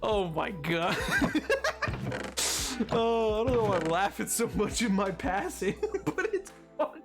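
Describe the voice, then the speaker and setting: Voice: medium pitch, lively intonation, takes it slowly, over music. A streamer on a live gaming stream, loopy and giddy, laughing hard through nearly every sentence.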